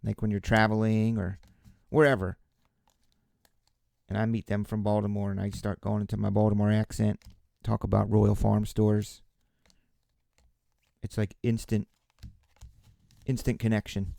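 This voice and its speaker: Gravelly man hosting a card break. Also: fairly low pitch, a little slow, long pauses, no echo, clean studio sound. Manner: relaxed, chatty, joking with viewers. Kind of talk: casual live commentary while opening cards.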